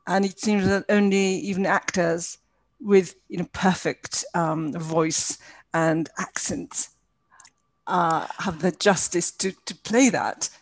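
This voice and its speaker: A woman's voice: lowish voice, steady tone, slow pace, poor audio. Hesitant, inquisitive woman interviewer. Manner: hesitant, inquisitive, laughs lightly. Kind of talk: interview questions.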